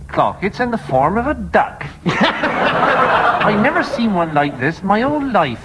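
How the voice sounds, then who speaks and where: A man on a radio comedy panel improvises a tale with mock-earnest, self-mocking gravity. His pitch swoops about lively and sits a little high. The old broadcast recording hisses heavily. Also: unhurried, pauses often. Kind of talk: improvised comic storytelling. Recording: hissy 1970s radio archive.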